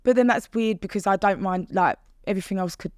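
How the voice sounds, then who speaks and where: A woman, chatting as a podcast guest, animated and laughing often as she acts out her own past words. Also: medium pitch, quick pace, no echo, clean studio sound. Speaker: podcast guest, fitness instructor. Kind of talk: casual interview chat.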